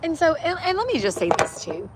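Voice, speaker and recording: A woman's voice: very high voice, very animated, brisk. Earnest woman, rambling faith talk; noisy outdoor livestream with passing traffic. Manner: earnest, rambling, many fillers and restarts.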